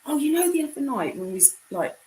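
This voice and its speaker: A young British woman chatting casually on a live stream, reading out viewer comments; her voice is deep enough to be mistaken for a man's. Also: sing-song, quick pace, warm tone, slight background noise, rough recording. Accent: British English. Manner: chatty, reads comments aloud.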